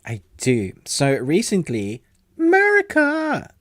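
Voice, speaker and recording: Guy chatting movies on a podcast, lowish voice, rambly, dry close mic. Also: normal speed, no room sound. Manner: chatty, rambling, laughs easily. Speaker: podcast co-host. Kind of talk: casual chat.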